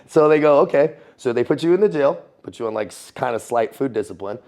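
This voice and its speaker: A gravelly-voiced American man recounts his military days in a loose, profane interview style. He laughs often, leans on "dude" and "bro," and his pitch leaps up whenever a story gets going. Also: fast talker. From United States. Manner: animated, profane, laughing, calls everyone dude. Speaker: guest, former Navy SEAL and Foreign Legionnaire.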